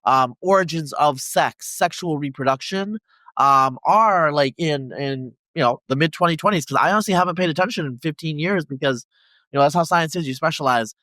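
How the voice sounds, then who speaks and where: Bright high-voiced male podcast host. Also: a little fast, no echo. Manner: rambling, many fillers and restarts. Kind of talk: conversational interview.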